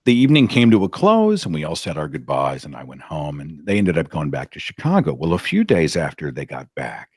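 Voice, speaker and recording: A man telling a personal story in a dramatic, animated way, as a guest on an interview. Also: very deep voice, fairly quick, hardly any pauses, slightly rough, no room sound, studio quality. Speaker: podcast host, guest. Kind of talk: anecdotal storytelling.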